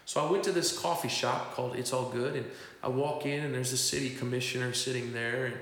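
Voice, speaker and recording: A man's voice: medium pitch, fairly even intonation, brisk, fairly bright tone. A man preaching a testimony, telling his story and acting out the voices of the people he quotes. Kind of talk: testimony sermon. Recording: echoey hall.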